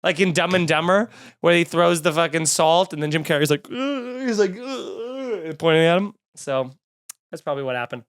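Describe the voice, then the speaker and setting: A comedian hosting his podcast, telling a story in a casual, animated way, swearing and acting out what people said. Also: on the high side, brisk, no echo, clean studio sound. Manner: animated, swearing, acts out quotes.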